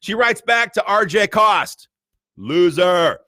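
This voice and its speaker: A man's voice: high-pitched, expressive, slow, sharp tone, no room sound. A man hosting a political commentary, reading emails aloud in a combative, sarcastic and mocking way. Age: adult with a school-age child. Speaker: gun rights group host.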